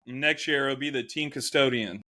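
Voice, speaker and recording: A man's voice: medium pitch, normal speed, sharp tone. A man co-hosting a casual fantasy football chat, easygoing and agreeable, tossing in jokes. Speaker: fantasy football podcast co-host.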